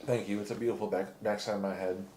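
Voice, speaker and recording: A man guesting on a casual cooking livestream, laid-back and quick to laugh, with short agreeing asides. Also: fairly low pitch, fairly even intonation, darkish tone. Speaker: guest chef.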